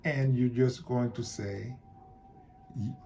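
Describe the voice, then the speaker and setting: Slow, husky male Spanish teacher. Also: medium pitch, steady tone, warm tone, soft background music. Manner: slow, deliberate, repeats key points. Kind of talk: classroom-style grammar lesson.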